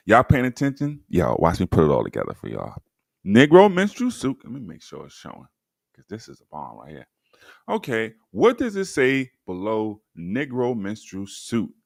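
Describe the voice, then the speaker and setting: A man's voice: lowish voice, wildly swooping pitch, normal speed, creaky, no echo, clean studio sound. A man hosting a livestream, reading old documents aloud and commenting sardonically, talking straight to his viewers. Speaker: livestream host.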